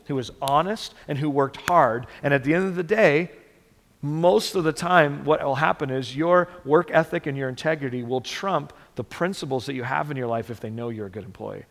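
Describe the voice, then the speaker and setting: Guy preaching, bit of fry in his voice, repeats himself for emphasis, big echoey church sound. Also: medium pitch. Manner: earnest, repeats words for emphasis. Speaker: pastor. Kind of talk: sermon. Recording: long reverb of a church hall.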